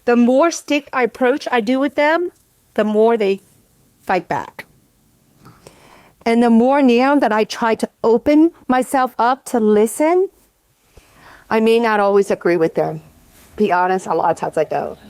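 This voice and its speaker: A middle-aged woman, a community program leader, speaks as a workshop panelist in a panel discussion, candid, earnest and conversational, often restarting sentences. Her voice is on the high side, expressive, a little mellow, clear and resonant, at a measured pace with long pauses, in a dry recording.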